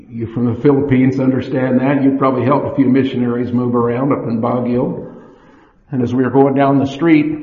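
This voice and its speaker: A man giving a sermon, measured and storytelling, acting out the inner voices he describes. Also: mid-range voice. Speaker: church speaker. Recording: echoey hall, dull lo-fi sound.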